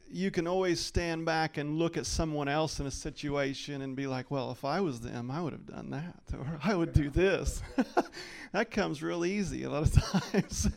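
A man praying and then giving an informal devotional talk, folksy and quick to laugh as he acts out quoted lines. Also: on the high side, creaky. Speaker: lay speaker sharing a devotional.

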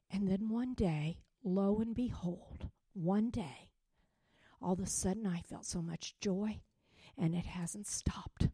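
A middle-aged woman pastor giving an emotional testimony sermon, dropping to soft whispers and rising to loud joyful outbursts. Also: medium pitch, unhurried, slightly rough, no room sound, studio quality.

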